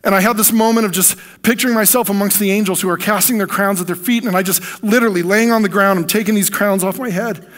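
A man's voice: high voice, fast, fairly bright tone. An American man preaching from the pulpit, telling a personal testimony in an earnest, emotional way.

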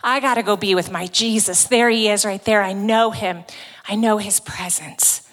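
A woman quoting an earnest fisherman disciple, hushed. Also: mid-range voice, steady tone, normal speed, natural voice. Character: Peter, eager male fisherman disciple.

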